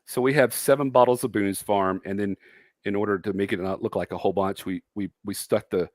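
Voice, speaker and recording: A man's voice: on the low side, fairly even intonation, brisk, no room sound. A man co-hosting a casual livestream chat, telling a rambling story and laughing often. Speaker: co-host.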